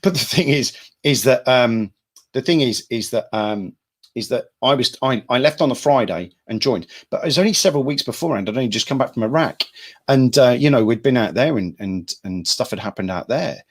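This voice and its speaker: A man's voice: mid-range voice, expressive, brisk, slightly rough. A middle-aged man from England, a hypnotherapy trainer, telling stories in a rambling, casual way to an online audience. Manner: rambling, repeats himself, acts out quotes loudly.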